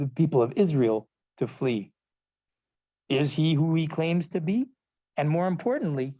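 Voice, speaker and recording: Man, professor, lecture, mellow tone, reading prepared text, self-corrections. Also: a little high. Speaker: literature and law professor. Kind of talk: recorded lecture.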